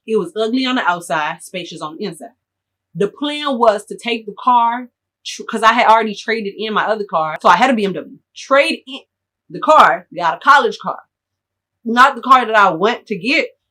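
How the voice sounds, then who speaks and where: A young adult woman telling a storytime to her viewers in animated, slangy casual chat. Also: medium pitch. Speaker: storytime vlogger.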